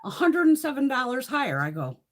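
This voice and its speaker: A woman's voice: high voice, a little fast. A woman hosting a live beauty stream, chatting casually, swearing constantly and laughing often. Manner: swears constantly, blunt and animated; laughs often while talking. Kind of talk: casual chat during a live room tour.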